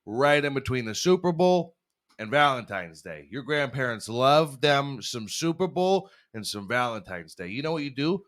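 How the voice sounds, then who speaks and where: A young man does a profane, rambling comedy bit on his podcast. His pitch swings all over as he riffs, and he keeps breaking into laughter at his own jokes. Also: expressive, normal speed, a bit bright. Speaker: podcast host. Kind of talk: crude comedic monologue.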